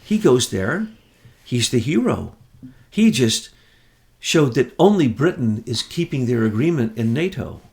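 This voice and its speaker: A man's voice: medium pitch, very animated, a little slow, darkish tone. An American man in casual political chat, scornful and mocking as he talks. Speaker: political commentator.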